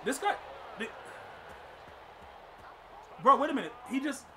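A man streaming a football video game, commenting live and talking to his chat, often exasperated and breaking into loud outbursts. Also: extremely high pitch, big pitch swings, unhurried. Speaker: gaming streamer.

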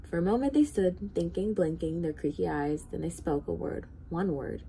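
A woman reads a children's picture book aloud in an expressive storytelling voice. Her voice is low, gravelly, and mellow. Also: moderate pace, slight background noise. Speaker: children's hospital volunteer reader.

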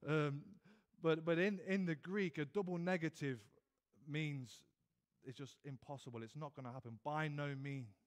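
A man's voice: fairly high pitch, moderate pace. A man with a British accent preaching an evening sermon in church, earnest, often restarting and repeating words as he builds emphasis. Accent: British English.

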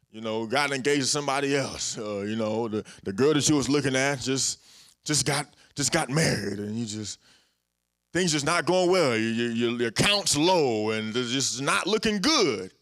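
A man's voice: mid-range voice, fairly bright tone. A young adult man preaching a casual, conversational sermon full of everyday stories and repeated phrases.

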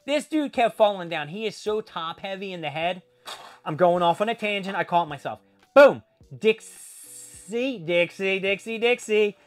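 A male host talks through a collectible in a loose, casual way. He trails off, restarts and gently mocks himself when he gets details wrong. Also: high-pitched, expressive, a little fast, soft background music. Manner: rambling, self-mocking, trailing off. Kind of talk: casual unboxing chat.

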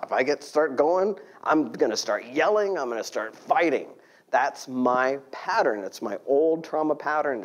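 A man giving a conversational sermon, laughing often and at times dropping to a hushed near-whisper. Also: medium pitch. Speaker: guest speaker at church.

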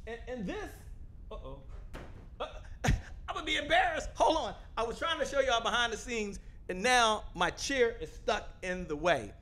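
A man hosting an online show, loudly and quickly pitching his offer to the camera and repeating phrases for emphasis, from a home studio. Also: expressive. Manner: loud, fast-talking, emphatic, repeats phrases. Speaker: host. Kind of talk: energetic sales pitch to camera. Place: home studio with a photo wall backdrop.

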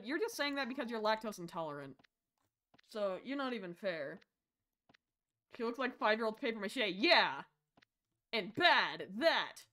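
A fairly high-voiced woman streaming a horror game. She lurches from shouted insults at the screen to soft muttered asides, and rambles jokingly with her viewers. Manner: swings between shouted insults and quiet mumbling; rambling, jokey chatter with chat.

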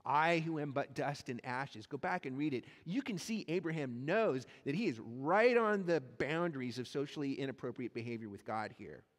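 A male pastor preaching a sermon, animated and acting out the voices in the stories he tells. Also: mid-range voice, moderate pace, hardly any pauses. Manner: animated, acts out quoted voices in his storytelling. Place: church sanctuary. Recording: long church hall reverb.

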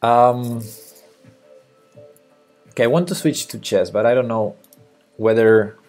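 A man's voice: mid-range voice, takes it slowly, darkish tone, soft background music. A man with a Spanish accent, thinking aloud and chatting with viewers during a late-night coding live stream. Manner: thinking aloud, muttering to himself, answering chat. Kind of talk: casual live-stream chat while coding.

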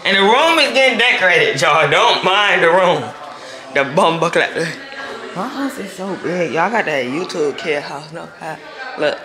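Rambling young man vlogging at home. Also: fairly high pitch. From Texas, near Houston. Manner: rambling, playful slang. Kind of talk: casual vlog talk. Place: house indoors. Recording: echoey room with loud background noise.

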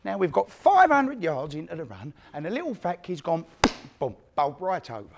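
A hardened old East London criminal, as an actor plays him, speaks in a one-man stage monologue. His voice sits a touch high and moves through a lively range. He talks straight and coarse, with plenty of swearing. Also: normal speed, gravelly, full character voice. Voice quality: blunt, profane street talk. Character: aging East London career criminal recalling youth. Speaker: one-man play performer. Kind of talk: theatrical monologue.

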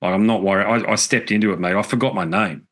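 Middle-aged man, very low voice, earnest and reflective, swears casually; interview guest. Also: steady tone, fast, fairly bright tone. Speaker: podcast guest, musician.

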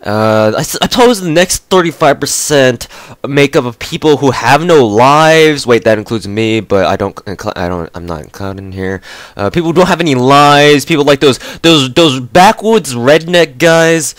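A man's voice: mid-range voice, lively intonation, normal speed, fairly bright tone, dry recording. A man giving casual, rambling commentary over a shooter game, swearing freely and filling his talk with fillers and restarts. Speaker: gameplay commentator.

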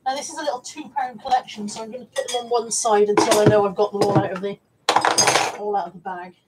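Heavy background noise surrounds this woman's mid-range, fairly evenly intoned voice as she talks quickly. With a Bristol accent, she chats casually on a live stream about her thrift haul, rambling, repeating and restarting words, and reading viewer comments aloud.

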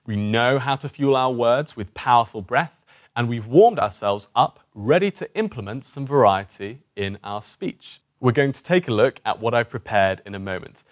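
A man teaching presentation skills in a clear, methodical, encouraging way. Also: mid-range voice, no echo. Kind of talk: instructional tutorial.

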